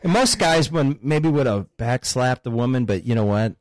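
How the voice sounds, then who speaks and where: Laughing dad spinning crude stories. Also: male voice, mid-range voice, moderate pace, dry recording. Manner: laughs through his stories, crude and animated. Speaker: guest, father of a host. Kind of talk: casual podcast storytelling.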